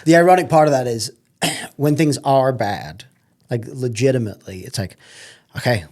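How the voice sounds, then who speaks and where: A man's voice: mid-range voice, moderate pace, a little mellow. A man co-hosting a church podcast in casual chat, adding dry joking asides and laughing along. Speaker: podcast co-host.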